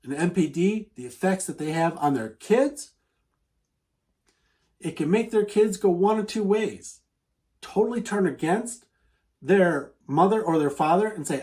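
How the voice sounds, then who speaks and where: A man's voice: sits high, unhurried, pauses often, a little mellow. A man venting to camera in an earnest, repetitive advice monologue, often acting out the people he talks about. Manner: earnest, repetitive, acts out quoted voices. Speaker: advice vlogger.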